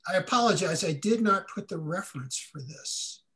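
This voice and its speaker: A man's voice: high voice, lively intonation, normal speed, a bit bright. An older man, a guest speaker, answering questions in a casual, folksy way on a video call, often correcting himself mid-sentence.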